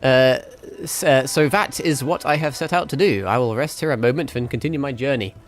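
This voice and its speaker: A man's voice: medium pitch, a little fast, slight background noise, lightly acted. A man voicing a courteous young male wanderer in a game, speaking in a posh, formal, old-fashioned way. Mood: courtly. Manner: posh, archaic formal speech.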